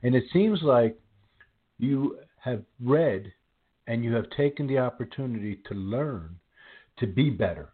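A man's voice: medium pitch, expressive, unhurried, breathy edge. Man in his sixties, host, rambling, repeats words, tinny phone-like sound. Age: 60s. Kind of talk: casual faith interview.

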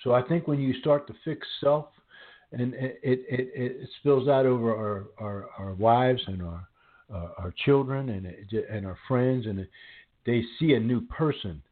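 A man's voice: mid-range voice, measured pace. A man in his sixties hosting a faith interview, talking in a rambling way and repeating his words as he goes. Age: 60s. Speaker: host. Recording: tinny phone-like line.

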